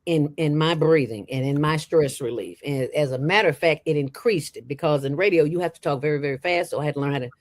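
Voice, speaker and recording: A middle-aged woman, a former radio host and founder, talking as an interview guest in an animated, emphatic and playful way. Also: low voice. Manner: fast talker from years on radio. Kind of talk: casual interview chat.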